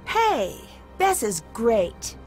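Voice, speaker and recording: A woman's voice: fairly high pitch, wildly swooping pitch, drawn-out words, darkish tone, soft background music, heavily acted. An actress voicing an earnest young female amateur detective in a mystery video game, asking questions in a curious, direct way.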